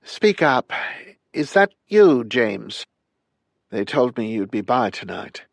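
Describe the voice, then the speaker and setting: A man narrating an audiobook and voicing a frail, dying elderly woman in a high, thin put-on voice. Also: very animated, slow pace, creaky, no echo, full character voice.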